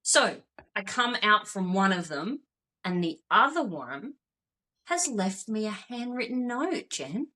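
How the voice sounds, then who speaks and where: An Australian woman co-hosting a podcast over a video call, telling stories with lively, laughing energy. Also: mid-range voice, takes it slowly. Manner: animated storytelling with laughs. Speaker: podcast co-host.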